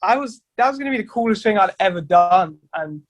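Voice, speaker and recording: A young man talking in a raised, somewhat high register, rambling through stories with plenty of restarts and swearing. The recording is very dry and close, with no room sound at all. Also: lively intonation, a little fast, dry recording. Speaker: band vocalist guest. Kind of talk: casual podcast chat.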